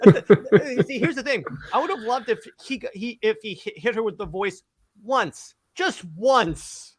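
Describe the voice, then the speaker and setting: A man hosting a casual podcast discussion, animated and stammering, often laughing. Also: high voice, a little fast, slightly rough. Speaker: podcast host.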